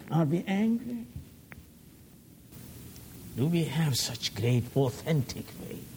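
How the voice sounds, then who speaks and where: A man preaching a sermon with passion, swinging from loud cries to hushed whispers. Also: medium pitch, slight background noise.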